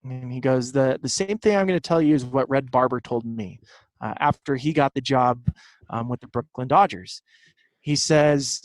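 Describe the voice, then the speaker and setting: A man's voice: mid-range voice, moderate pace, dry recording, poor audio. A man from Southern California in his thirties, a baseball broadcaster, telling stories easily as a guest in a casual interview. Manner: easygoing storyteller.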